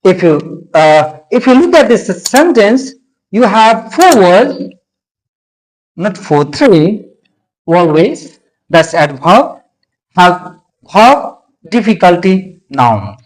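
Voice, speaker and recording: Teacher voice for a pronunciation lesson: unhurried, pitch rising and falling widely, repeats points with frequent hesitations. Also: sing-song, low-quality recording. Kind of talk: explanatory lesson.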